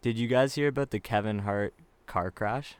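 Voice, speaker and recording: A man's voice: fairly low pitch, moderate pace, clear, resonant tone, no echo. A young man hosting a casual podcast, who teases his co-hosts with dry, joking quips. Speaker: podcast host. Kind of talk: casual chat.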